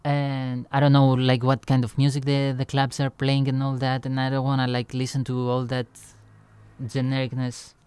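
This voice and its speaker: Young male vlogger, rambly and profane, smooth clear tone, close and dry. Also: medium pitch, monotone, normal speed, a little mellow, no echo. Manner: loose and chatty, heavy on "like" fillers and swearing. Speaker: music creator reacting to his own song. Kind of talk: casual rambling storytelling.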